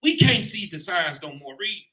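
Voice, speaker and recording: A man's voice: high voice, big pitch swings, moderate pace, pushed and bright, poor audio. A man leading a Bible class in an emphatic preaching style, often asking "guess what" and ending lines with "man". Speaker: lead teacher.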